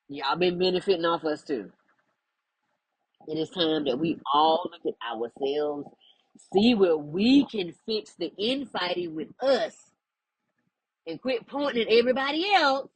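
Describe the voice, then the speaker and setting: A woman's voice: fairly low pitch, animated, unhurried, pauses often, slightly rough, no room sound, rough recording. A woman, speaking as a spiritual life coach in an emphatic, preachy monologue. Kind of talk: direct-to-camera monologue.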